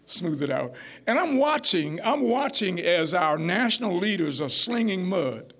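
Folksy high-voiced preacher man. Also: measured pace. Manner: folksy, animated, rising to near-shouts. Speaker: pastor. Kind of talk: sermon.

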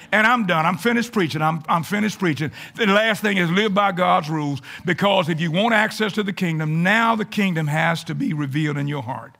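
A man, a pastor, preaching a folksy, animated sermon to his congregation in church, sometimes rising to shouts. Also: on the high side, moderate pace, creaky. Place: church sanctuary.

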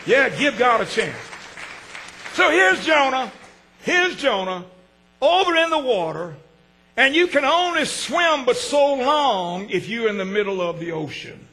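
A man, preaching a sermon with call-and-response, swinging from shouts to hushed asides. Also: very high-pitched, very animated, unhurried, a faint crowd. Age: 60s. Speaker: pastor.

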